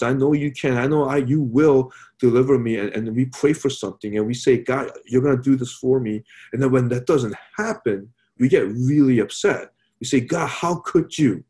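Man, preacher, sermon, mellow warm tone, earnest, repetitive questions. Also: mid-range voice, vocal fry. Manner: earnest, rhetorical questions, repeats phrases.

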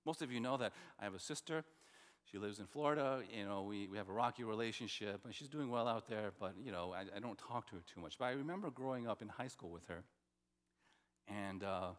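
A man's voice: on the low side, fairly quick. A man from New Jersey preaching a sermon as pastor, in a conversational style with personal stories and rhetorical questions. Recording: long reverb of a large hall.

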